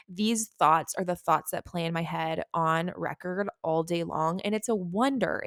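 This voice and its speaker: A woman's voice: medium pitch, dry recording, clean studio sound. A woman in her thirties hosting a solo podcast, talking candidly and rambling, swearing casually. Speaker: podcast host.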